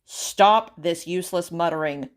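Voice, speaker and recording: A woman reading a storybook aloud, voicing a commanding but easily flustered king who barks orders and frets loudly. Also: high-pitched, a little slow. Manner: bossy then flustered, loud exclamations. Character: fretful, commanding king, middle-aged man.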